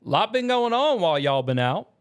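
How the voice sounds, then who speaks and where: A man voicing an intense young male warthog berserker in a put-on American Southern accent, loud and rowdy. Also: high-pitched, big pitch swings, moderate pace, clean tone, voice pushed up.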